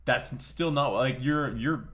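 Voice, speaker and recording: A man's voice: mid-range voice, takes it slowly, fairly bright tone. A male podcast host with a mid-range voice, chatting casually. He rambles and leans on filler words as he works out his point.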